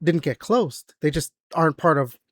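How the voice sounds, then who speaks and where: A man with a fairly high voice chats casually on a gaming podcast, rambling through loose sentences packed with fillers and frequent swearing. His voice sits close and dry on the mic, with no room sound around it. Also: lively intonation, moderate pace, dry recording. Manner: rambling, filler-heavy, profane. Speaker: podcast co-host.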